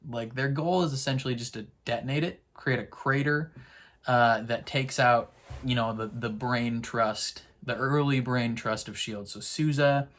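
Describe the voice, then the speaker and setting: A man's voice: medium pitch, measured pace, a bit bright. A man casually recapping a TV episode in a rambling, chatty way, full of fillers. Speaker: TV episode reactor.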